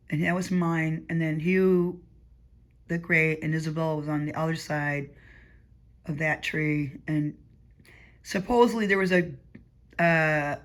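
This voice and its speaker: A woman's voice: deep voice, a bit bright. A woman rambling through a casual monologue at home before bed, chatty and digressive, laughing often and sometimes dropping to a murmur. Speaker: vlogger.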